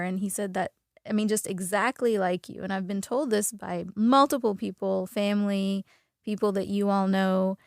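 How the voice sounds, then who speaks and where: A woman's voice: medium pitch, no echo, studio quality. A woman, a daughter talking through her memories in a rambling, curious way in a casual interview. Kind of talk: casual conversation.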